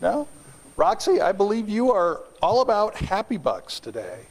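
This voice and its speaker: A man's voice: sits high, wildly swooping pitch, moderate pace, gravelly. A man running a club meeting, handing the floor to members with brief, upbeat prompts. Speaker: meeting emcee.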